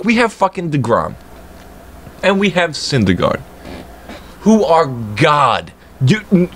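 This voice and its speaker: A male game streamer in a casual, profane rant that swings between low grumbling and loud, high-pitched outbursts. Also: slight background noise. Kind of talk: casual ranting chat while streaming.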